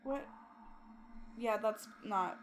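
A woman's voice: mid-range voice, very slow, slight background noise. A woman chatting casually while reacting to a horror film, sarcastic, calling the characters sweetheart and honey.

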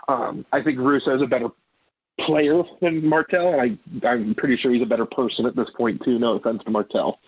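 A man with a husky, slightly breathy voice talks college football in a loose, rambling way. He keeps hedging with small qualifiers as he sizes up a player. The sound is dry and a little muffled, like a remote call. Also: medium pitch, dry recording. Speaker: guest football analyst. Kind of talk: casual sports talk.

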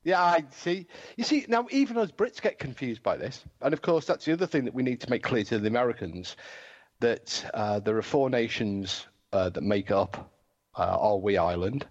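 An English man hosts a casual chat, his voice swinging up and down lively as he jokes and rambles. He keeps cutting himself off mid-thought. The audio is dull and lo-fi. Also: mid-range voice, moderate pace. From England. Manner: joking, rambling, self-interrupting. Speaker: podcast host.

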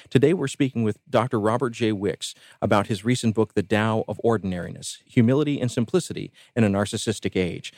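A man hosting a radio show, reading scripted introductions and a sponsor message in a measured, clear announcer manner. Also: on the low side, a little mellow, no echo. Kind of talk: scripted host links and sponsor read. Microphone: studio microphone.

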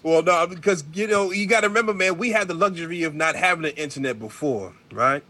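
A man's voice: fairly high pitch, fast, pushed and bright. A man co-hosting a casual podcast chat, agreeable and reflective.

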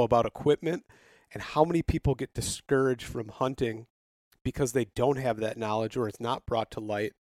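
Male host, mid-pitch, chatty and laughing, dry close sound. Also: no echo. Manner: chatty storyteller, laughs often. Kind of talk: casual chat.

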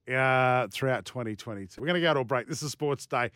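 A man's voice: medium pitch, brisk, a bit bright, no echo, studio quality. A middle-aged Australian man co-hosting a sports radio show, teasing his co-host with casual banter and frequent laughs. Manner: teasing, jokey, laughs often.

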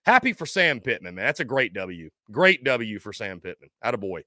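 Animated, sharp-voiced call-in show host. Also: male voice, on the low side, moderate pace, no echo, studio quality. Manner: blunt, heckling, sarcastic. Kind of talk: casual sports call-in talk.

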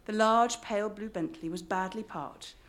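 A woman's voice: mid-range voice, normal speed. An English woman reading her memoir aloud to a live audience, with wry joking asides between passages. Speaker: author.

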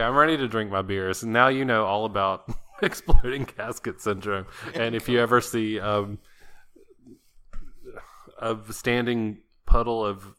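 Low, forceful-voiced joking male co-host. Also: clean tone. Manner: joking banter with frequent laughter. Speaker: podcast co-host. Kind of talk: casual chat.

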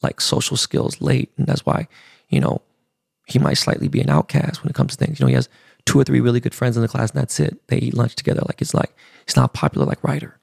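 Gravelly candid podcast host. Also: male voice, mid-range voice, sing-song, fast, a little mellow, dry recording, studio quality. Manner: candid, emotional storytelling with profanity. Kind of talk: casual podcast monologue.

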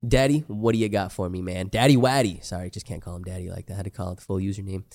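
A man's voice: low-pitched, steady tone, racing, a little mellow. Laid-back young man laughing through chat. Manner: laid-back, laughs often, swears freely. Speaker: podcast co-host. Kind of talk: casual chat reading comments.

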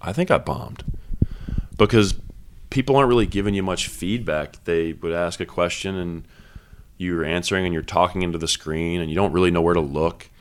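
A man's voice: low voice, fairly even intonation, fairly quick. A man in his thirties, a basketball head coach, talking candidly and reflectively in an interview, with many fillers and restarts.

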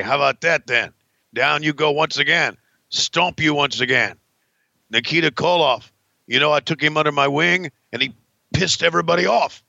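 Male performer doing a mocking villain wrestler, gravelly, on dull lo-fi audio. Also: a little high, sharp tone, no room sound. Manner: gloating, mocking, play-by-play of his own moves. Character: gloating villainous male Russian-gimmick wrestler, veteran.

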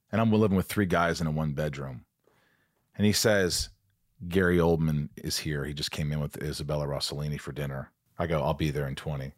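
A man's voice: a bass voice, no echo, studio quality. A man in his forties hosting a podcast, telling stories in an enthusiastic, rambling way. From Kentucky. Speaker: podcast host. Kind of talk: casual chat.

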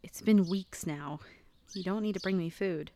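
A woman's voice: lowish voice, normal speed, warm tone, a little hiss or hum, natural voice. A woman playing a character who politely brushes off concern, saying she is fine.

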